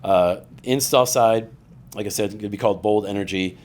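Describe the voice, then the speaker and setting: A man's voice: lowish voice, brisk. A man guesting on a podcast, chatting casually and acting out quotes as he tells stories. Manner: animated storyteller, acts out quoted voices. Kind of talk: casual chat.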